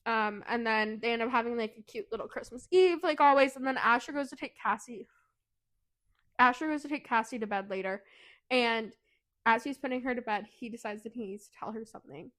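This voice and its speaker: A woman co-hosting a podcast, chatting through a book's plot in a fairly high voice. She is animated and giggly as she retells it. She slips into a higher voice to act out the characters' lines. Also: a little fast. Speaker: podcast co-host. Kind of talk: casual book recap chat.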